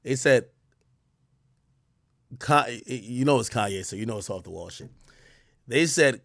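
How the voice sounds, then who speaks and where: A man hosting a live stream, telling a story in animated casual talk with swearing and laughter. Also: medium pitch, a little slow, long pauses, dry recording, studio quality.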